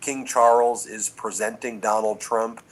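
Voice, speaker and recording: A man hosting casual news commentary, animated and chatty, talking straight to his viewers. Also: lowish voice, measured pace, rough recording. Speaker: commentary channel host.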